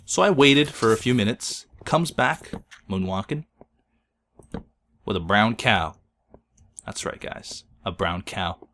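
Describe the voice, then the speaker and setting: Low-voiced man spinning an absurd tall tale. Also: slow, pauses often, a little hiss or hum. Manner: deadpan, mock-solemn; breaks into laughter. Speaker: Let's Play host. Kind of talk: absurd tall-tale storytelling while gaming.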